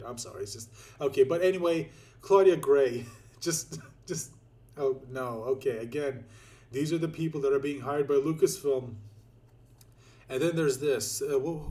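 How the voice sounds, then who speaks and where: A man's voice: a little high, warm tone. A man hosting a mocking commentary vlog, sarcastic and crude, who keeps cracking up between remarks. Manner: swears casually. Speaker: YouTube commentator.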